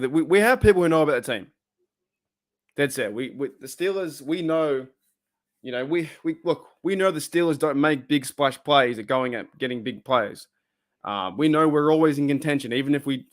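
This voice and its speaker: An Australian man hosting a casual live stream, talking bluntly and heatedly and swearing freely. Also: medium pitch.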